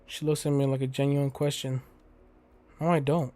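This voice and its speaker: A man's voice: mid-range voice, level tone, normal speed, mellow, dry recording. A young man playing a game on stream, reading its text aloud and breaking off into crude, joking asides. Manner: crude, joking asides between read lines. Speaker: let's play host. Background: faint game music.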